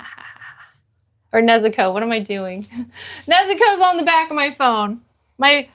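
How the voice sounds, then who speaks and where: A woman's voice: high-pitched, a bit bright. A woman livestreamer reading her chat aloud, upbeat and greeting viewers by name.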